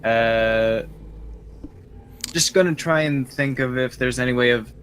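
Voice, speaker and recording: A man's voice: medium pitch, a little slow, fairly bright tone, a little hiss or hum. Hesitant man playing a tabletop game. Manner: hesitant, many filler sounds. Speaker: player.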